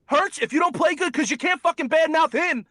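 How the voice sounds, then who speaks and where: A man's voice: very high-pitched, a little fast, bright, forceful tone, no echo. A young man hosting a sports talk show, ranting angrily and profanely about his team, repeating himself. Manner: angry, profane, repetitive ranting. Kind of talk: heated sports talk rant.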